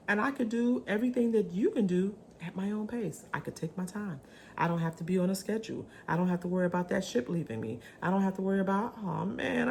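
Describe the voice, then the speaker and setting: A woman vlogger chatting casually to camera in a chatty, animated way, with swooping pitch and many ums. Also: slight background noise.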